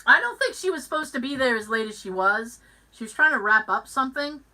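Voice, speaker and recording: Here's a fast-talking woman with a fairly high voice, hosting a podcast on a rough recording. She chats casually and is an animated storyteller, voicing every person who shows up in her stories.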